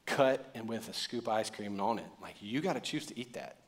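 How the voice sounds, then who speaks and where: A man's voice: lowish voice, lively intonation, brisk. A man preaching a sermon as pastor, talking in a conversational way with joking asides and building to emphatic points.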